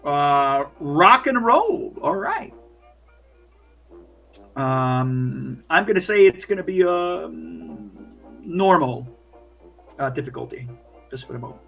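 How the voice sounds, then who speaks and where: A man's voice: on the high side, animated, slow, gravelly, pauses often, sharp tone, soft background music. A man narrating as game master in a chatty way, full of "like" and "you know". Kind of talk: casual tabletop game narration.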